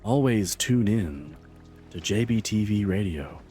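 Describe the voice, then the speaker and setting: A man voicing a smooth late-night radio DJ, slow, low and laid-back. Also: lively intonation, dark tone, faint music behind. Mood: mellow. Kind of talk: soft radio host voice.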